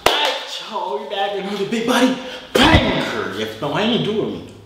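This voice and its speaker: A man's voice: high voice, wildly swooping pitch, moderate pace, over loud music. A young man hosting a casual reaction vlog, bragging and joking in slangy banter. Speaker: host. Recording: very echoey room with faint hiss.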